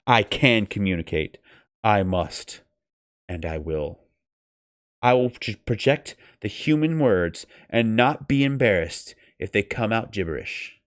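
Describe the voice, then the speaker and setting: A man voicing a small, gentle, furry mogwai creature who speaks in an earnest, determined way. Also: lowish voice, animated, a little slow.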